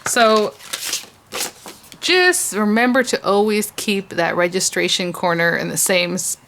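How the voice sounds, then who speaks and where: A woman's voice: mid-range voice, unhurried, fairly bright tone, a little hiss or hum. A woman hosting a casual crafting tutorial, thinking aloud with frequent restarts and little laughs as she works at her desk. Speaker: crafting channel host.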